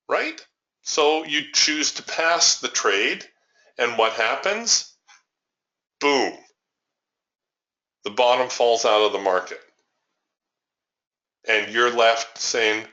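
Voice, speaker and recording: Animated man teaching trading over lo-fi audio. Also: medium pitch, slow pace, long pauses. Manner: emphatic, rhetorical questions to the audience. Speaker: trading educator. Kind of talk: webinar lesson over a chart. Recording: muffled lo-fi webinar audio.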